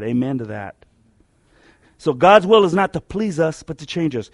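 A man preaching a sermon emphatically, repeating key lines and letting phrase ends fall quiet. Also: a little high, lively intonation, measured pace, long pauses, no echo, studio quality.

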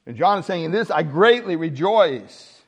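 Emphatic preaching man, slightly high voice. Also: animated, moderate pace, slightly rough. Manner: emphatic preaching, rhetorical questions to the congregation. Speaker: pastor. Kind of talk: sermon.

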